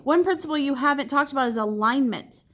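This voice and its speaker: Woman, art teacher, classroom discussion, questioning, repeats answers, fairly high voice. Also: quick pace, a bit bright.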